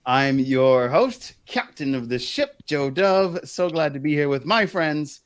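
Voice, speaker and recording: A man hosts a podcast, his voice sitting a little high and swinging widely in pitch. He opens with a theatrical flourish and then settles into easygoing banter. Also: expressive, unhurried, no room sound. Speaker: podcast host. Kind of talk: casual chat.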